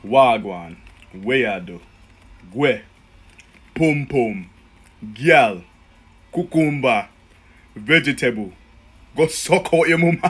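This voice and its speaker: Man, husky voice, slow jokey delivery. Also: medium pitch, lively intonation, faint music behind.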